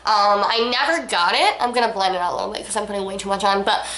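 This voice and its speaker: A woman's voice: medium pitch, fast talker, a bit bright, a little hiss or hum. A young woman reviewing makeup in a casual, gushing, chatty way, talking straight to her viewers. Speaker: beauty vlogger. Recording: echoey room.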